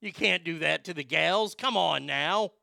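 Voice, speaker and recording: A man hosting a comedy show, ranting crudely and making a prank call, excitable, profane and full of stammered restarts. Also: a little high, unhurried, vocal fry, no echo, clean studio sound.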